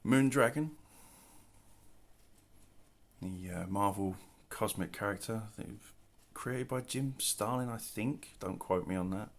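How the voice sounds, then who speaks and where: A middle-aged man casually showing his artwork on camera, talking in a relaxed, rambling way with self-deprecating asides. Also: fairly low pitch, moderate pace. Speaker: artist showing his work. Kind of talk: casual show-and-tell narration. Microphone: camera mic, handling artwork.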